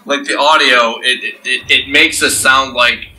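A man's voice: mid-range voice, steady tone, unhurried, pushed and bright, slight background noise, poor audio. A man hosting a let's play channel, chatting casually after a game session, rambling with lots of restarts. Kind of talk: casual post-game chat.

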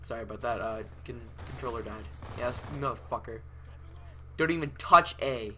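A young man giving chatty commentary over his gameplay, often breaking into loud, raging yells, on a desktop mic at home. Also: mid-range voice, moderate pace, slight background noise. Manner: chatty, often bursting into yelling rage. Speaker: gaming channel host. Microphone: desktop USB mic with pop filter.

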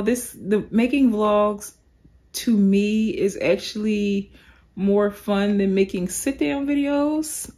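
Brief: woman lifestyle vlogger, lively storytelling, sleepy, casual chat to camera. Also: medium pitch. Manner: animated storytelling, addresses viewers as "y'all".

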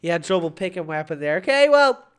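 A woman hosting her gaming channel, giving live gameplay commentary in an excitable, playful way, shouting at big moments. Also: on the low side, fast, clear, resonant tone.

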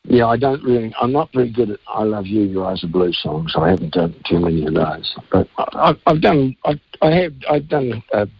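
A man's voice: on the low side, very animated, brisk, hardly any pauses, husky, dry recording, dull audio. A man, a singer-songwriter telling rambling, earthy stories in a casual radio interview.

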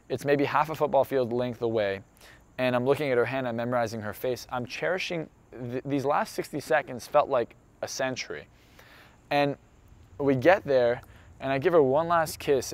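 Earnest man telling a heartfelt story. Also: mid-range voice. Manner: earnest and emphatic, building to intense conviction. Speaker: motivational speaker. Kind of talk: motivational storytelling monologue.

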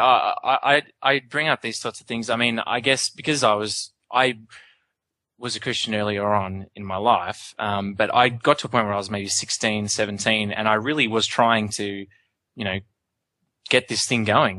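Bright-voiced young man in panel chat. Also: fairly low pitch, no room sound. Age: 20s. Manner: animated, many restarts and self-interruptions.

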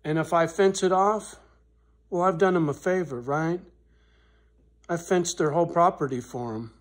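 A man venting to camera in a personal vlog, blunt and swearing, his voice swelling loud when he is angry and then dropping soft. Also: on the high side. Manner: slow, deliberate delivery with pauses. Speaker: vlogger on his rural property.

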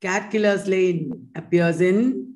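Slow-paced woman teaching. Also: on the low side, darkish tone. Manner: quizzing viewers, chatty, mixes in Hindi asides. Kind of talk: exam-prep online lesson.

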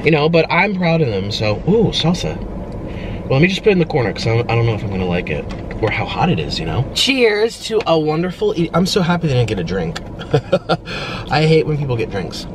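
A man's voice: a little high, very animated, brisk. A man talking casually to the camera while driving and eating in his car, chatty and self-mocking. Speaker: vlogger. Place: inside a car at a drive-thru. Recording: car and road noise behind.

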